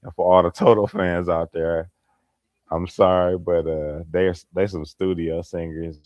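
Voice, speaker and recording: Deep, slow, laid-back male streamer. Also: little pitch movement, a little mellow, dry recording, muffled recording. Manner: laid-back, laughs often, addresses viewers by name. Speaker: livestream host. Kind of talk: late-night casual livestream chat. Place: home at night, holding a light.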